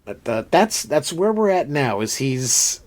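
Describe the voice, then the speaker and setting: A man co-hosting a casual podcast, recapping a film in an animated, profane way and acting out the characters' lines. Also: fairly high pitch, a little slow. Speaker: podcast co-host.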